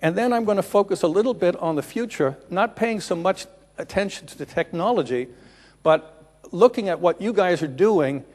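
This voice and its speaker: A middle-aged man delivers a conference presentation in an unhurried lecturing voice, pausing often to restate a point. His voice sits slightly high for a man. It carries with long reverb through a large conference hall. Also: lively intonation, a little mellow. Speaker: conference keynote speaker.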